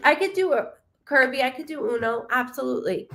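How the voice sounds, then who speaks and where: A woman medium hosting a live-streamed reading, chatty and animated, rambling with many fillers, in a warm room with the window open. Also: high voice, a little fast. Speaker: psychic medium host.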